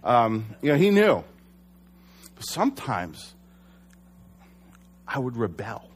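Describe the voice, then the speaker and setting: A man's voice: medium pitch, big pitch swings, takes it slowly, a little hiss or hum. Young male pastor, mid-range voice, earnest, chatty sermon delivery. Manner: conversational, earnest, with self-corrections.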